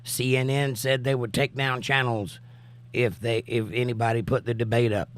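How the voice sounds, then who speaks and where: A man hosts a casual livestream, reading viewers' comments aloud in an easy, chatty way. His voice sits at an ordinary middle pitch. He is still getting his voice back after days of coughing. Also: little pitch movement, moderate pace. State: recovering voice, coughing. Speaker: livestream host. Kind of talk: casual live-chat commentary.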